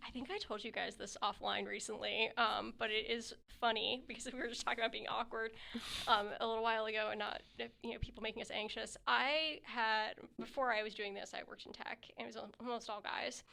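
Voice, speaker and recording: A fast-talking woman on a podcast with a bright, fairly high voice and lots of vocal fry. She chats casually about running a business. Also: fairly even intonation. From Mid-Atlantic US. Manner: fast talker. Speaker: podcast co-host, business owner. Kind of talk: casual chat.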